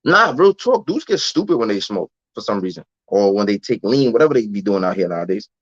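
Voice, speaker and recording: A man's voice: fairly low pitch, big pitch swings, a little fast, no room sound. Streetwise New man, dull recording. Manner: streetwise slang, often adds "you know what I'm saying". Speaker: podcast guest. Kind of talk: candid storytelling in an interview.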